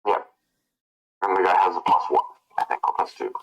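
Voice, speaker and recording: Lower-voiced man running a tabletop game. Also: fairly quick, background noise. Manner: thinks aloud while working out rules. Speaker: game master. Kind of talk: narrating and ruling a tabletop game.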